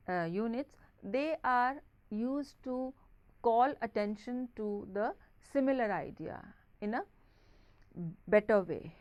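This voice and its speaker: A woman with an Indian English accent delivers a recorded classroom lecture in a fairly high voice. She explains patiently, often pausing on "okay" and "uh". The sound is close and dry, with almost no room echo. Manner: explanatory, frequent "okay" and "uh" fillers.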